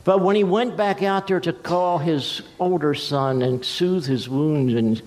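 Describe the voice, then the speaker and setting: A man preaching a sermon as pastor, telling stories and acting out voices with big swings in pitch and pace. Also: measured pace, a little mellow. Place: church sanctuary. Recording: long church hall reverb.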